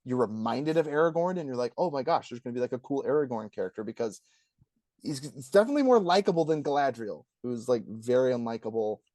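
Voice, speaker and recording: A man co-hosting a casual review podcast, ranting with energy and acting out quotes in a higher voice. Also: dry recording, studio quality. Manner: animated, ranting, acts out quotes in a high voice. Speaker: podcast co-host.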